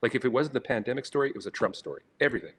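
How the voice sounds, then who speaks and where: A man's voice: mid-range voice, lively intonation, rapid-fire. A man, a cartoonist guest, talking in a teasing, ironic way. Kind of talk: casual panel chat.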